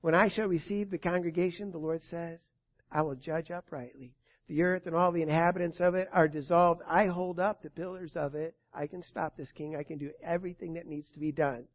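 A man preaching a sermon and reading scripture, swinging between loud proclamation and quiet asides. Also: fairly high pitch, fairly even intonation, a little fast. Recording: dull lo-fi recording.

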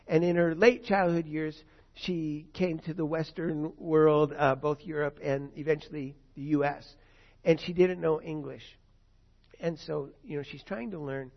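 A man's voice: a little high, steady tone, unhurried, vocal fry. Conversational male preacher, dull lo-fi sound. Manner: conversational teaching with fillers, voices prayers in first person. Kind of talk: sermon.

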